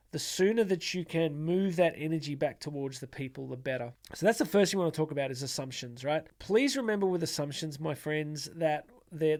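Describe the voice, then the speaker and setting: A middle-aged man giving an energetic motivational talk to camera, acting out the voices of doubters and often restarting his sentences. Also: fairly high pitch. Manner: repeats words as he restarts sentences. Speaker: motivational speaker.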